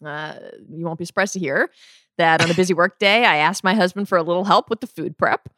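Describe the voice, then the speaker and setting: A woman's voice: lowish voice, fairly quick, a bit bright, no echo, studio quality. A woman co-hosting a podcast, chatting casually about food, enthusiastic and laughing, with hesitant restarts. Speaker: podcast co-host.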